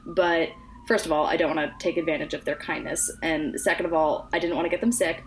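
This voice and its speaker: A woman's voice: fairly low pitch, huge pitch swings, brisk, a little hiss or hum. A young woman co-hosting a casual podcast, talkative and earnest, with plenty of "you know" and "like.". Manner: earnest, talkative, many fillers. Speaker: podcast co-host. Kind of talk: casual chat.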